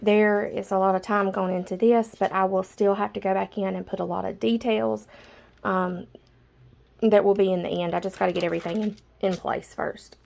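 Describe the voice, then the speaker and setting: A woman's voice: mid-range voice, little pitch movement, moderate pace, vocal fry, darkish tone. A woman casually showing her drawing supplies in a vlog, chatty and a little out of breath, with lots of filler words. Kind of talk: casual show-and-tell vlog.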